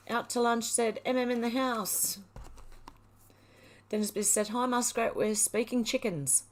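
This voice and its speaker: A woman's voice: on the high side, a little slow, long pauses. Woman reading live chat. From Australia. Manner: reads viewer comments aloud and chats back. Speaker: livestream host reading chat. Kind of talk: casual chat.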